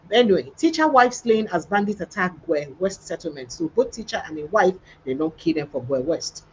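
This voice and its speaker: A woman's voice: fairly low pitch, sing-song, brisk, few pauses, lo-fi sound, slight background noise. A Nigerian woman hosting a news livestream, reading headlines in a casual chatty way with pidgin asides. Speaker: news show host.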